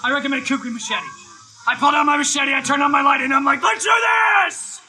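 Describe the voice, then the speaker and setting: High-voiced, very bright male preacher, excitable live storyteller. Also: very fast, a little hiss or hum, rough recording. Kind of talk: energetic live sermon with storytelling. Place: live event, outdoors or hall.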